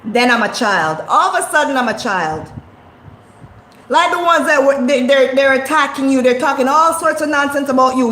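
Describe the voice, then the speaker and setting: A woman's voice: sits high, moderate pace, a bit bright. A woman vlogging in a casual motivational talk, speaking in a passionate, preachy way and repeating her points for emphasis. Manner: impassioned, preachy, repetitive. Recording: echoey room.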